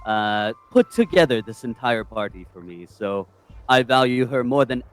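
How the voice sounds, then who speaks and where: A man's voice: mid-range voice, expressive, moderate pace, close to an everyday voice. A man voicing a doting male vampire lord in plain, casual speech. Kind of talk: murder mystery role-play.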